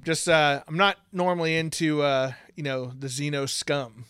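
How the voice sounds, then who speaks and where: A laid-back man talks casually on a podcast, laughing often and leaning on fillers as he goes. His voice sits a little high for a man. The sound is dry and close, with no room around it. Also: normal speed, a bit bright, smooth, dry recording. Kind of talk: casual chat.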